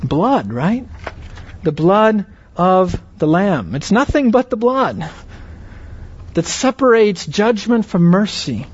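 A man teaching a Bible lesson in an earnest, explanatory way, often checking that listeners follow with quick rhetorical questions. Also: high voice, very animated, breathy edge, dry recording. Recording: dry, slightly dull lo-fi recording.

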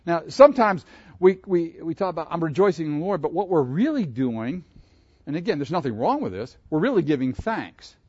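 A man from Pittsburgh preaching a sermon, animated and asking his listeners questions. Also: on the high side, normal speed, slightly rough, no echo, dull audio. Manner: animated, asks the audience questions. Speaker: pastor.

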